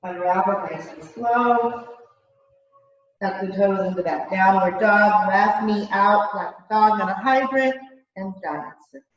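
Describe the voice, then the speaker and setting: A woman leading a yoga class, chatty and relaxed, laughing at herself and a little out of breath. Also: medium pitch, slow pace, heavy reverb, recorded from a distance, dull audio. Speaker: yoga instructor. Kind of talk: guided yoga class instruction. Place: yoga studio.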